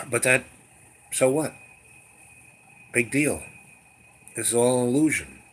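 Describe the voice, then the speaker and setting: A man's voice: medium pitch, expressive, slow pace, long pauses, a bit bright, slight background noise. A man casually telling a long story, rambling with lots of fillers and restarts.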